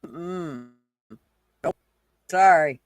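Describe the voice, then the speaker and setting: A woman's voice: lowish voice, drawn-out words, no echo, clean studio sound. A woman from the American South hosting a casual livestream chat, blunt, profane and teasing with her viewers. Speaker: livestream host.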